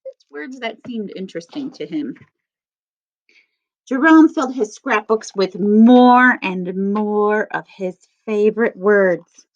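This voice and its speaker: A woman teacher reading a picture book aloud to children, stressing each word slowly in a sing-song way. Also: medium pitch, animated. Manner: slow, sing-song emphasis on words. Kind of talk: read-aloud lesson for children. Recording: dull lo-fi sound.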